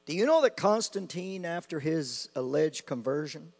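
A man preaching a sermon with passion, repeating phrases and swinging between loud outbursts and quiet asides. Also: a little high, expressive, moderate pace, creaky. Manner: impassioned, rising and falling sharply, repeating phrases. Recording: long hall reverb with mains hum.

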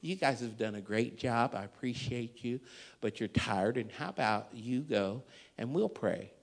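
A man voicing a calm, authoritative older pastor in a sermon story, firm and measured. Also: medium pitch, vocal fry.

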